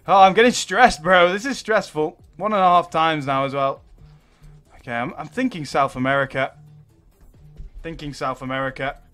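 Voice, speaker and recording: A young man giving excitable live gameplay commentary as a gaming YouTuber, swearing and exclaiming when things go wrong. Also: on the high side, normal speed, faint music behind.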